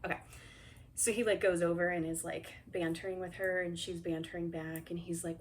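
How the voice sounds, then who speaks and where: A young woman recaps a movie in a loose, chatty way, sarcastic and full of fillers. Her voice sits a little low. A faint hiss runs under the recording. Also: fairly even intonation, normal speed. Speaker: movie reviewer.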